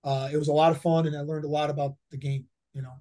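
A man's voice: fairly high pitch, level tone, quick pace, mellow. A man in his fifties, a head football coach, telling stories in a casual interview, rambling with many fillers and repeated words. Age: 50s.

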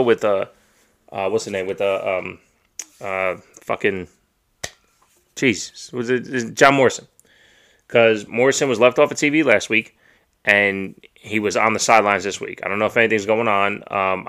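A man hosts a loose, profane podcast chat from a home streaming setup, ranting bluntly about what he likes and hates. His voice sits low in pitch but has a bright, forceful edge. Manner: blunt and ranting, swears freely. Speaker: podcast host. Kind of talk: casual wrestling chat, profane and opinionated.

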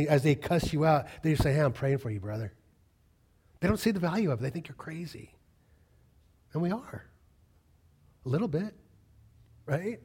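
High-pitched male pastor, conversational sermon, asks the congregation questions. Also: darkish tone, breathy edge.

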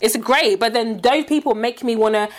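Woman, young adult, high-pitched, animated casual chat, stumbles and repeats. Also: normal speed. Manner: animated, self-interrupting, repeats words.

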